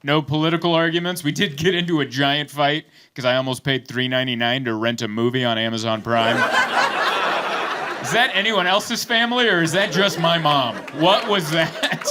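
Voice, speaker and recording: A man's voice: a little high, moderate pace. A man performing a stand-up comedy set on a club stage, telling stories and acting out voices on a handheld mic. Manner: animated storytelling, acts out voices. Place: comedy club stage before a laughing crowd. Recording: loud crowd laughter and room noise.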